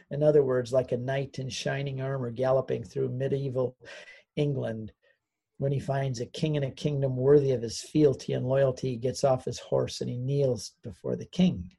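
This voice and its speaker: Older American man, interview guest, earnest storyteller with a dark, gravelly, husky voice. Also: medium pitch. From United States. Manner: earnest storyteller, gets choked up, voices quoted people. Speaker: interview guest, Catholic convert author. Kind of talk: telling his conversion story.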